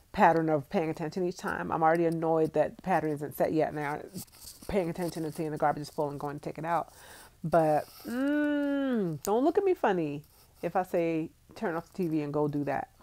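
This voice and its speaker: A woman's voice: sits low, a little mellow. A woman in her thirties from the United States, chatting casually on a phone livestream, laughing often and answering viewer comments. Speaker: vlogger reading live chat.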